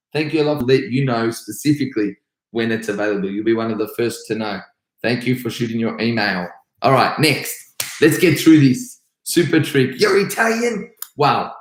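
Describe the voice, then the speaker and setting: Brief: Australian male karate instructor on a live Q&A, upbeat and rambling, voice echoing around a bare room. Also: mid-range voice. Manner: upbeat, chatty, rambling with restarts. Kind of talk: live stream Q&A, reading comments.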